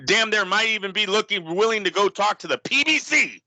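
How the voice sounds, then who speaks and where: A man's voice: high-pitched, lively intonation, fairly quick, bright, forceful tone, no room sound. A man on a boxing podcast panel, making emphatic points with short laughing asides. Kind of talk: casual boxing talk.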